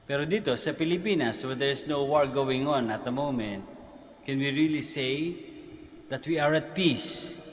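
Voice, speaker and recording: A man's voice: mid-range voice, normal speed. A Filipino-accented man gives a homily at morning Mass, speaking in a mid-range voice and talking through rhetorical questions in an easy, conversational preaching manner. His words ring out with a long church reverb, and a faint hiss sits under the recording. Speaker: priest. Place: large church basilica.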